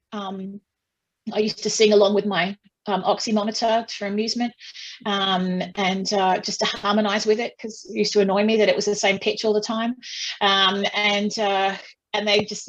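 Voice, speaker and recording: A woman's voice: medium pitch, rough recording. A woman with an ordinary mid-range voice, telling a personal story as an interview guest. She speaks frankly, with frequent fillers, restarts and a wry, self-deprecating edge.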